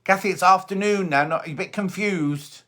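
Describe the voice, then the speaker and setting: Presenting a sewing show, a middle-aged man reads out viewers' comments and riffs on them with gossipy teasing during a relaxed live chat. He speaks at a moderate pace in a high-pitched voice that sounds a bit bright.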